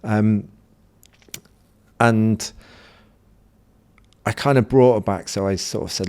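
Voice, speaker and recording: A middle-aged man, a hypnosis coach and podcast guest, telling an animated anecdote in conversational style and acting out the quotes. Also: fairly low pitch, takes it slowly, pauses often, clear, resonant tone. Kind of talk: conversational storytelling.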